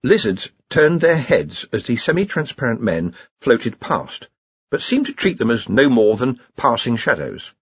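Husky male audiobook narrator, lively intonation, dry and slightly muffled recording. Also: medium pitch, a little slow, dry recording. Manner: expressive storytelling. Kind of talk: scripted narration.

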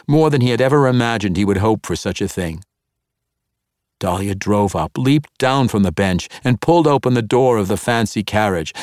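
A man narrating a fantasy audiobook in a measured, expressive reading. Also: lowish voice, dry recording, studio quality.

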